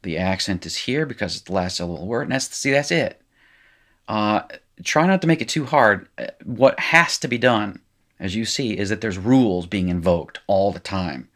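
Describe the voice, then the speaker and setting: Low-voiced rambling male Hebrew teacher. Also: lively intonation, moderate pace, fairly bright tone. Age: middle-aged. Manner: rambling, self-correcting, talks while writing. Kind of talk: informal recorded lecture, working exercises.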